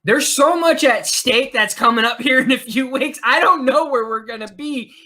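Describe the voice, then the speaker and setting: A man's voice: very high voice, normal speed, sharp tone. A man co-hosting a casual podcast chat, joking and cursing freely. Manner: profane, joking. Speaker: podcast co-host.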